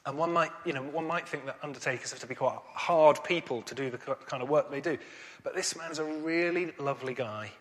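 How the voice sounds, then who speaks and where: Earnest preacher in a reverberant hall. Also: male voice, medium pitch, fairly bright tone. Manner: earnest, rising to emphatic questions. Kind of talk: sermon.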